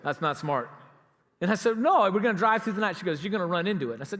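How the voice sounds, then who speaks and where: A pastor tells a story from the pulpit, his voice a little higher than most men's. He acts out each side of the conversation with lively shifts. The sound carries the long reverb of a church hall. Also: fast talker. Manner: animated storyteller acting out both sides of a dialogue. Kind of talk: storytelling sermon. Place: church sanctuary.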